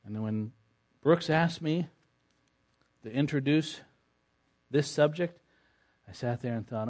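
A man preaching with strong emphasis, dropping into hushed, low lines and then climbing to loud, pressing declarations. His voice sits at an ordinary middle pitch between the swings. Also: slow pace, long pauses. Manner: emphatic, swings from soft to forceful. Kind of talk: sermon.

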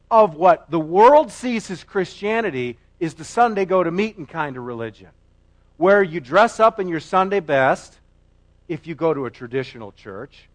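Middle-aged male pastor, earnest sermon delivery, voice rising and falling a lot, slightly higher register. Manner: earnest and emphatic, with repetitions.

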